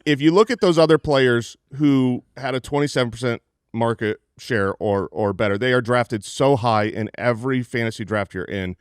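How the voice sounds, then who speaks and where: A man co-hosting a fantasy football podcast, rattling off stats with energy, jumping high in pitch when excited and laughing often. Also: normal speed, smooth, no room sound, studio quality. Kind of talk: energetic stat-heavy sports podcast talk. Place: studio, live show.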